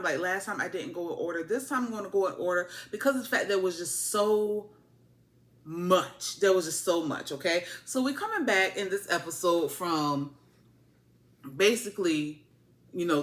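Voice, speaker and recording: A woman giving a casual, sassy TV episode review, full of repeated words and playful asides. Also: fairly low pitch. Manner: sassy, animated, repetitive asides. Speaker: TV recap reviewer.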